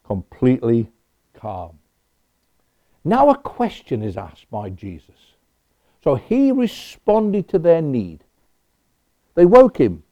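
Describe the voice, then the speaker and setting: Animated preacher, lo-fi recording. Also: male voice, a little high. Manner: conversational preaching with personal asides. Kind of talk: sermon. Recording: dull lo-fi recording.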